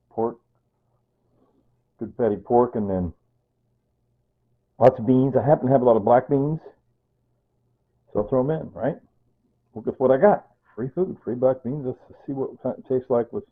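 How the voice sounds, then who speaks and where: Older guy rambling about his pantry, husky voice, sounds like a phone line. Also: mid-range voice. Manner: chatty, repeats himself, frequent throat clearing. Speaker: prepping vlogger. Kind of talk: rambling casual vlog talk. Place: home room with pantry shelves and computer. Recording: tinny phone-like audio.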